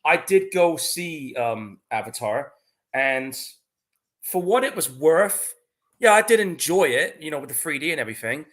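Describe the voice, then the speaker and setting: A man's voice: fairly high pitch, expressive, normal speed, a bit bright. A man co-hosting a movie watch-along podcast in casual chat, frank and profane. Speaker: podcast co-host.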